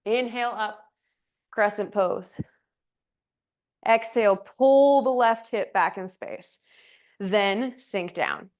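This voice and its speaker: A woman's voice: mid-range voice, takes it slowly, pauses often. A woman teaching a yoga class, calling poses in time with the breath and slipping in chatty asides; she is out of breath from moving. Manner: breath-paced cues, chatty asides with light laughs. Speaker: yoga instructor. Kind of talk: cueing a live yoga class.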